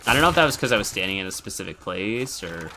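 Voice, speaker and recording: A man's voice: fairly low pitch, big pitch swings, quick pace, pushed and bright, slight background noise. A man streaming a horror game, chatting casually, giggling and thinking aloud as he plays. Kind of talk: casual live-stream chat.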